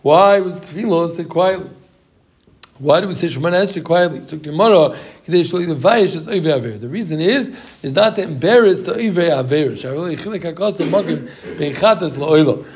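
A man's voice: on the high side, lively intonation, fairly quick. A man teaching a casual Talmud class, mixing English with Hebrew and Yiddish terms and repeating himself as he works through the text.

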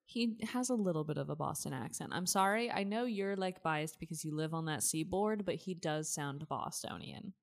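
A woman's voice: deep voice, normal speed, gravelly, few pauses. A woman co-hosting a podcast in casual chat, joking, swearing and teasing as she recaps a TV episode. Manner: joking, profane, playful teasing. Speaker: podcast co-host.

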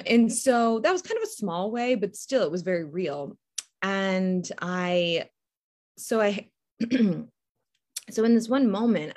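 A woman hosting a faith-based podcast in a casual, rambling way, full of restarts and small laughs. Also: lowish voice. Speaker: podcast host and faith coach. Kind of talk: casual solo podcast talk.

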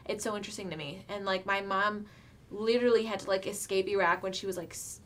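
A woman's voice: mid-range voice, fairly even intonation, quick pace. A young woman chatting as a podcast guest, filling her talk with "like" and trailing off mid-thought. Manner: chatty, filler-heavy, trailing off. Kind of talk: casual interview chat.

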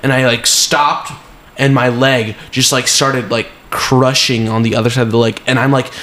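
On a casual podcast, this young co-host's mid-range voice keeps a moderate pace as he dramatically recounts a story, laughing along the way.

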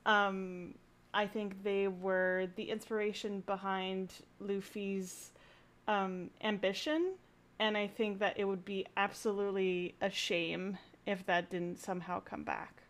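A woman chatting as a podcast guest, earnest and a little hesitant, pausing often to find her words. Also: medium pitch, steady tone. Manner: earnest, hesitant, many "um"s and restarts. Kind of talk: casual chat.

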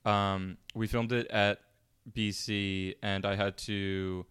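A man's voice: fairly low pitch, little pitch movement, takes it slowly, a bit bright, smooth, dry recording, clean studio sound. A young man co-hosting a podcast, chatting casually and rambling with lots of fillers and self-mocking jokes. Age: young adult. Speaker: podcast co-host. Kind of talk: casual chat.

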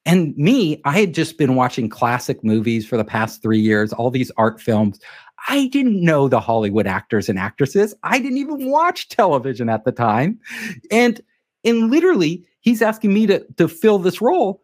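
A man telling an anecdote in a casual interview, animated and acting out the quoted dialogue. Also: fairly high pitch, normal speed. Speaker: guest telling a career story.

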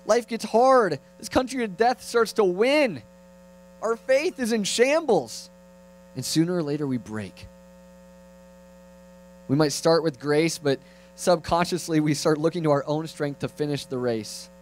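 A young man preaching a lively, conversational sermon that swings from loud to hushed, with playful asides. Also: on the high side, unhurried, poor audio.

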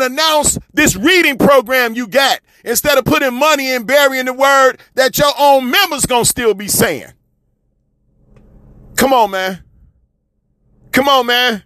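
High-pitched preachy man on radio. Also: a little slow, pauses often, no room sound, studio quality. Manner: preachy, repetitive, calls listeners "family" and "man"; swings from loud shouting to low mutters. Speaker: radio commentator. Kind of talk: fiery street-talk commentary.

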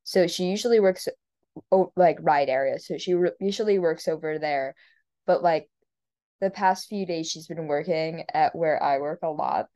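A woman's voice: sits low, normal speed, warm tone. A young woman co-hosting a podcast in casual chat, giggling often and filling her talk with "like". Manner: giggly, lots of "like" fillers. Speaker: podcast co-host.

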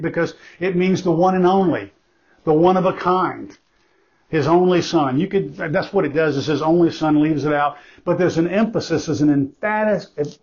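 A man preaching a sermon as pastor, emphatic and conversational, repeating key phrases for stress and breaking off into asides. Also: on the high side. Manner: conversational, with asides and self-corrections. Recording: dull lo-fi recording.

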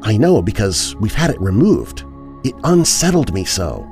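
A man's voice: lowish voice, wildly swooping pitch, normal speed, a little mellow, soft background music, voice pushed up. A man voicing a bold, blunt young girl in a raised voice. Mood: sharp.

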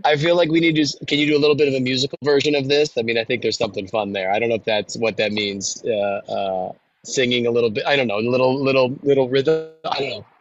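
A man's voice: medium pitch, fairly even intonation, fast talker, highs cut off. A man hosting a casual interview over a video call, talking in a rambling way with many restarts. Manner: warm-hearted, rambling with many restarts and fillers. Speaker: podcast host.

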